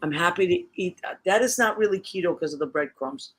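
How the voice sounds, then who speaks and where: A woman's voice: lowish voice, a little fast, breathy edge. A middle-aged woman hosting a casual online chat show, talking chattily about her cooking, with many restarts and easy laughter. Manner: chatty, warm, laughs easily, restarts often. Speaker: show host.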